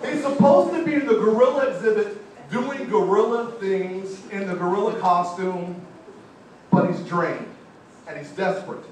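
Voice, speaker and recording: High-pitched male motivational speaker, lively storyteller, distant and echoey in a large hall. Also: moderate pace, a little hiss or hum. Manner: animated storytelling with audience call-outs. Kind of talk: live motivational speech. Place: large college event hall.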